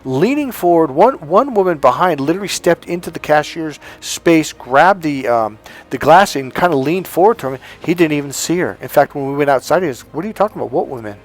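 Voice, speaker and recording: A man's voice: on the high side, animated, a little fast. A man giving an emphatic coaching talk on dating, telling anecdotes and acting out the quotes. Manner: emphatic, storytelling, acts out quotes.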